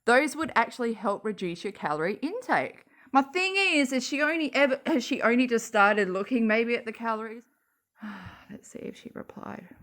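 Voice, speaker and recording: Australian woman, YouTube commentator, sarcastic and foul-mouthed, a little high-pitched. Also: lively intonation, moderate pace, a bit bright. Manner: sarcastic, ranting, swears often. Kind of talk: reading and reacting to social media posts.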